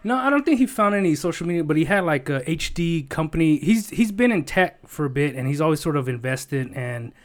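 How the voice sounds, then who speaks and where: A man's voice: fairly high pitch, animated, fairly quick, few pauses. Rambling, swearing man telling a story. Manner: rambling, profane, emotional storytelling with many fillers. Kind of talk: casual chat.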